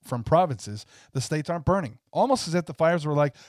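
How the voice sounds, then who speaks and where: Canadian male co-host, slightly high voice, dry sarcastic rant delivery. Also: lively intonation, fairly quick, no room sound. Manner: sarcastic ranting, partly read aloud. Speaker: podcast co-host. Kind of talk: casual political chat.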